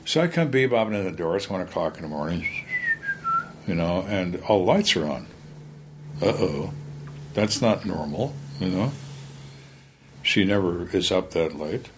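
Low-voiced older man, blunt storyteller. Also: lively intonation, measured pace, long pauses, a little hiss or hum. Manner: blunt, plain-spoken, wry. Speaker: retired homicide lieutenant, guest. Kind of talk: candid storytelling interview.

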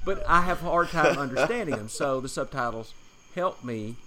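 A man's voice: mid-range voice, lively intonation, moderate pace, sharp tone. An older man co-hosting a casual chat, rambling and self-deprecating and chuckling as he goes. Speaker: podcast co-host, father.

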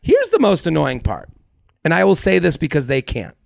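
A man hosting a comedic advice podcast, ranting in an animated and profane way. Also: on the high side, moderate pace, creaky, dry recording, studio quality. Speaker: podcast host.

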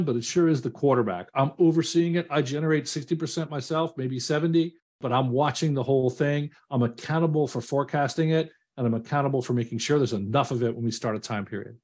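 A man's voice: a little high, quick pace, darkish tone. A man co-hosting a business podcast, explaining steadily with dry humor. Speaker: podcast co-host.

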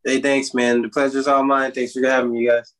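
Brash man with a flat, even delivery. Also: mid-range voice, brisk. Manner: brash, swaggering. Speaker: guest fighter. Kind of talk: casual interview chat.

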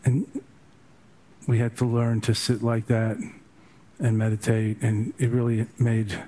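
A man's voice: medium pitch, flat delivery, a little slow, mellow, slight background noise. An older man, a meditation teacher, giving a dharma talk full of humorous, rambling stories.

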